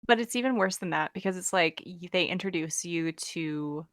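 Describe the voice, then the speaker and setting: A woman's voice: lowish voice, moderate pace, no room sound, clean studio sound. A woman co-hosting a podcast, recapping a book's plot in a chatty, casual way with frequent laughs. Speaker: podcast co-host. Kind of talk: casual book discussion.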